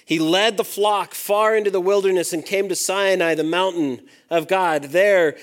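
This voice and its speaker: A man preaching a sermon to young adults, reading scripture aloud and swinging between emphatic peaks and hushed asides. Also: high-pitched. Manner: reads scripture aloud and acts out the quoted lines.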